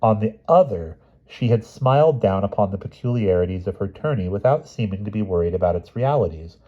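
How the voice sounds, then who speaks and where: A man reading a novel aloud in an expressive, measured storybook narration, on a dull lo-fi recording. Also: low-pitched. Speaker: audiobook reader.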